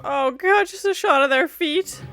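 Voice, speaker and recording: A woman's voice: very high-pitched, measured pace. A woman hosting a reaction video, chatting casually and laughing as she comments on an old TV episode. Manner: chatty, laughing, playful asides. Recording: music from the show playing behind.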